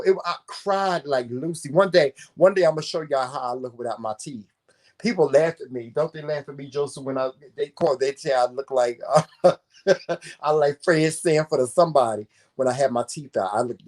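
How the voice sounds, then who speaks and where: A man co-hosting a casual talk show, telling a personal story in an animated, profane and emphatic way. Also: medium pitch, a little fast.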